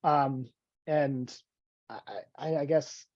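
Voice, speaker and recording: A man's voice: a little high, steady tone, slow pace, a little mellow, no echo. A man in his forties, a guest in a casual podcast conversation, talks in a rambling, self-deprecating way with many stammered restarts. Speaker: guest, vitality coach. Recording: dull, dry, lo-fi audio.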